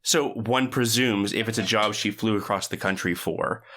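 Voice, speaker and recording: A man's voice: lowish voice, moderate pace, a bit bright, a little hiss or hum. A man co-hosting a podcast, recapping a film in casual chat with dry, joking asides. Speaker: podcast co-host.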